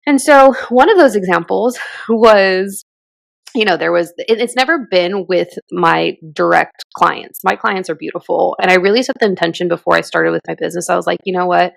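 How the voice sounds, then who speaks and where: A woman's voice: fairly low pitch, moderate pace, creaky, no room sound. A woman in her thirties co-hosting a podcast, talking in a rambling, reflective way full of fillers. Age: 30s. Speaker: podcast co-host. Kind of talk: casual chat.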